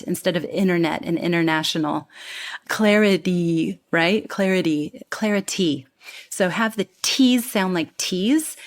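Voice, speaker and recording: A woman, speaking as a guest coach in an interview and lively demonstrating pronunciations. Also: mid-range voice. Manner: animated, demonstrates pronunciations and quotes people. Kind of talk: conversational interview.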